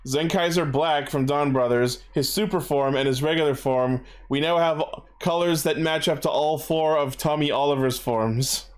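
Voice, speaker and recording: A man's voice: fairly high pitch, moderate pace, hardly any pauses. A young man in casual fan chat as podcast co-host, enthusiastic, laughing often and retelling scenes. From Canada.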